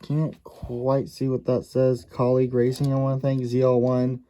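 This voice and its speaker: A man's voice: medium pitch, monotone, normal speed, warm tone. A man casually reviewing a model race car, thinking aloud and correcting himself as he goes.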